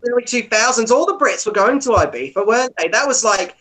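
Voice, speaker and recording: A woman co-hosting a casual livestream chat over a video call, telling animated stories. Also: on the high side, fairly quick, background noise. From Australia. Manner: animated storyteller who acts out quotes. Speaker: podcast co-host.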